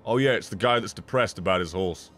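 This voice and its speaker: A man streaming a video game, swearing, yelling in frustration and laughing at himself as he talks to the game. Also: sits low, fast talker, faint music behind. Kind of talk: casual gameplay commentary.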